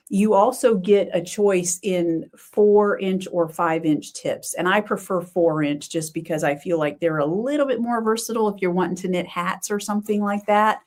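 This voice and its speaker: Chatty woman hosting a knitting show. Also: fairly low pitch. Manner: chatty, thinking aloud, exclamations. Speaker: knitting podcast host. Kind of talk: casual livestream chat.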